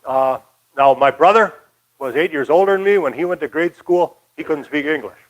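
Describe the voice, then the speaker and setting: A man's voice: fairly high pitch, moderate pace, muffled recording. An older man from Michigan giving a casual, rambling local history talk, folksy with many fillers. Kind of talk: casual lecture.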